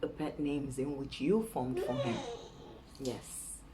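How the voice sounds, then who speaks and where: A young Nigerian woman with a Nigerian accent, giving chatty dating advice in a casual vlog and dropping into a soft coaxing voice to act out sweet talk. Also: very deep voice, fairly even intonation, slow pace, crowd noise, poor audio.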